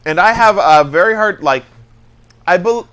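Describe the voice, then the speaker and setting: A man's voice: high voice, animated, moderate pace, fairly bright tone, clear, resonant tone. A man in casual group talk who rambles and restarts his sentences often. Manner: rambling, hesitant, many restarts. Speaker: show regular. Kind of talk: casual banter.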